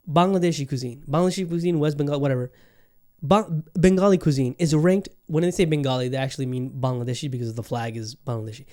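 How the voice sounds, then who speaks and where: A man hosting a solo podcast in casual chat, ranting in animated disbelief and swearing freely. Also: on the high side, unhurried, long pauses. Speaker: podcast host. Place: Bangkok, Thailand.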